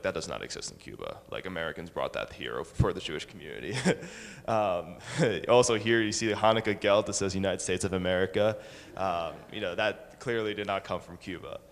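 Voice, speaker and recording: A young man in his twenties presents slides to a congregation, stopping often on ums and uhs. His voice sits a little low, and it rings out with a long reverb in a large hall. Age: 20s. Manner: hesitant, many ums and uhs. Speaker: student giving a talk to a congregation. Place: synagogue hall.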